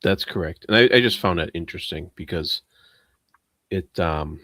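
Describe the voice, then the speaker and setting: A very deep-voiced man talks his way through a book discussion, rambling and hesitant and full of fillers. He laughs at himself as he goes. The recording is dry and close. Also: normal speed, pushed and bright, no echo. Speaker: book club member.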